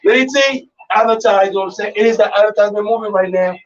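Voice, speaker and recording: A man hosting live radio, loud and excitable with chanting ad-libs, his voice going raspy. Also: high voice, quick pace, distant mic, highs cut off, a crowd in the background. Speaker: radio host. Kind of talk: hype live radio banter.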